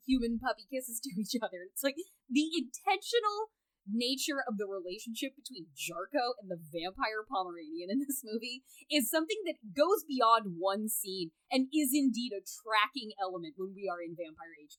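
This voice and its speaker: A woman in casual podcast chat, talking in an animated, gushing way and swearing freely. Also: fairly high pitch, low-quality recording.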